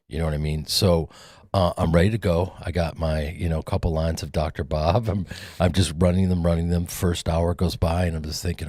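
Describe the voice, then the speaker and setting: A man's voice: deep voice, moderate pace, darkish tone, no echo. A middle-aged man, a guest actor and comedian, telling casual anecdotes with acted-out quotes on a studio mic. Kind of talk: casual storytelling.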